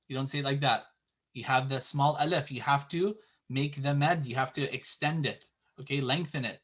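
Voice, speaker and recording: A man teaching a classroom lesson, explaining patiently and drawing out example words slowly. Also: on the high side, bright, forceful tone. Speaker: Arabic teacher.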